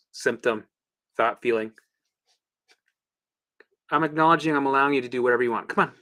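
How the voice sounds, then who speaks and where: A man hosting a casual livestream, coaching viewers through exercises in an animated, chatty way with the odd swear word. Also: mid-range voice, fairly quick, pauses often. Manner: guides listeners through exercises. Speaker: host and recovery coach.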